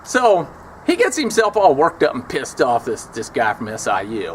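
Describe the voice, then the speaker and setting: A man's voice: medium pitch, very animated, moderate pace, a little hiss or hum. Scornful man telling old prison stories. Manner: wry, scornful, acts out the people he quotes. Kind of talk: casual storytelling.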